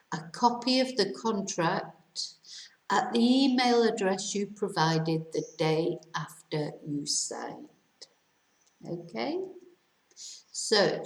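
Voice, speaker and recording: Slow, deliberate British woman teacher. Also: medium pitch, animated, gravelly, echoey room, low-quality recording. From Britain. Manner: careful slow dictation with countdowns. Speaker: English teacher. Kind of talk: slow English lesson, reading quiz sentences.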